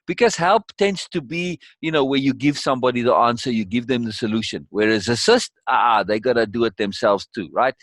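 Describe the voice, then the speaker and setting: A man's voice: medium pitch, a little fast, few pauses, a bit bright, dry recording. A man leading a course session in conversational teaching style, emphatic and repeating key words for weight.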